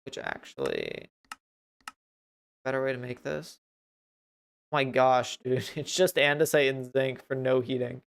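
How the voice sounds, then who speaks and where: Through a desk mic with a noise gate, this man's creaky, gravelly voice still sounds smooth and clear as he gives casual, self-mocking, rambling commentary on his livestreamed game, thinking aloud to work things out. He's very animated, speaks a little slowly at a medium pitch, and leaves long pauses.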